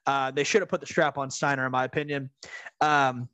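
A man co-hosting a podcast, telling his reactions in an animated, jokey, profane way. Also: medium pitch, a little fast, clean tone, no room sound. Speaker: podcast co-host. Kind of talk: casual chat reviewing wrestling.

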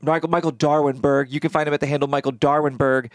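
A man co-hosting a podcast, talking in an animated way, blurting out pop culture references and swearing casually. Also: a little high, fast talker, dry recording, clean studio sound. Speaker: podcast co-host and actor. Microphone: studio podcast microphone.

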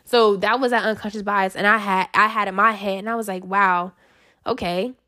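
A woman's voice: medium pitch, fairly even intonation, fast, bright, forceful tone. A woman sharing a personal story in a casual, chatty way, full of fillers and self-corrections. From United States. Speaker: speaker sharing personal experience.

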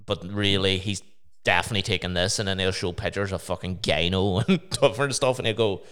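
Smooth low-voiced sweary man. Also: brisk, a bit bright. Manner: loose, sweary chat with many "like"s and restarts. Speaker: podcast co-host. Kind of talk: casual podcast chat.

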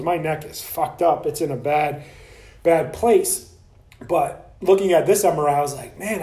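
A man ranting on a solo podcast, heated and profane, mocking other practitioners in quick asides. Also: a little high, warm tone, echoey room.

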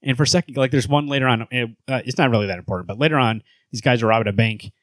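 A man's voice: mid-range voice, very fast, a bit bright, no echo. A man co-hosting a comics podcast, recapping a comic in a casual, profane, rambling way with lots of fillers. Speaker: podcast co-host. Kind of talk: casual chat.

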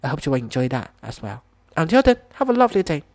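Slightly high-voiced male podcast host. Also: very animated, fast talker. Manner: hesitant, with many fillers and restarts. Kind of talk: interview and podcast outro.

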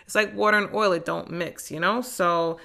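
A young woman from New Jersey hosting a podcast, talking in a casual, slangy motivational monologue. She is animated and laughs often, swinging from loud bursts to hushed, low asides. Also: moderate pace, creaky. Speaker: podcast host.

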